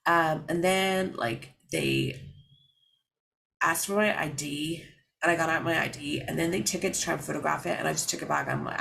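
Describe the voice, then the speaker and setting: Young woman vlogger, deep voice with vocal fry, casual rambling storyteller. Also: expressive, moderate pace, a bit bright, low-quality recording. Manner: rambling, many fillers and restarts.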